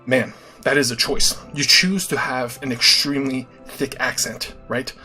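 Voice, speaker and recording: Man in his own voice, livestream host, casual and earnest, keeps checking in with the audience, mid pitch, soft music underneath. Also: fairly even intonation, a little slow.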